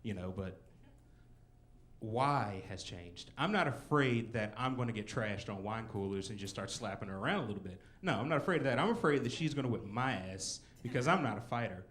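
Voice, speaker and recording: A man's voice: lowish voice, animated, a little fast, fairly bright tone, a little hiss or hum. A man in his twenties doing a rambling, self-mocking stand-up set in a comedy club. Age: 20s. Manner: rambling, self-mocking, with frequent "you know" and "like".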